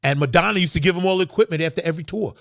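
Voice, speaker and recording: A man who plays funk music, telling stories about his career in an emphatic, animated way that rises into excited bursts. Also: fairly high pitch, very fast, creaky, no room sound, studio quality. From Long Island, New York. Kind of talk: animated storytelling.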